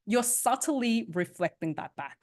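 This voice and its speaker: Woman workshop coach, very expressive pitch, chatty, keeps asking "right?", over a video call. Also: measured pace. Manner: animated, conversational, often asks "right?" and laughs. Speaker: sales and communication coach. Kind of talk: interactive online workshop teaching.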